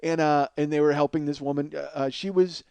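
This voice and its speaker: A male comedian spins a profane, excitable story on his podcast. He laughs through it, and his voice sits fairly high. The sound is dry and close. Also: a little fast, clean tone, dry recording. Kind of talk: comic storytelling monologue.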